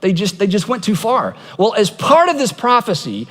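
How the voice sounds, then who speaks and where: A man's voice: high-pitched, wildly swooping pitch, moderate pace, fairly bright tone, in a large hall. A man preaching a sermon as pastor, telling stories in a conversational way and acting out quoted voices with humor.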